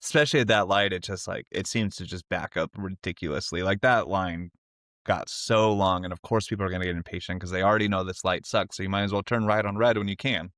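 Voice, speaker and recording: Speaking fast on a podcast he co-hosts, this man narrates a story in relaxed chat, frequently laughing and performing others' quotes in high voices. The sound is clean studio audio with no room sound.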